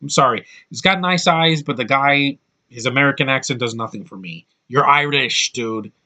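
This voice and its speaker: A man's voice: mid-range voice, moderate pace, pushed and bright. A man giving a casual, rambling film review with blunt opinions and lots of restarts.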